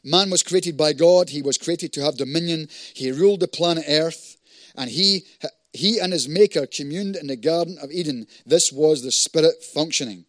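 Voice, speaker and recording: A man preaching a fervent sermon, swinging between loud declarations and hushed prayer. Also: fairly high pitch, normal speed, no room sound, clean studio sound.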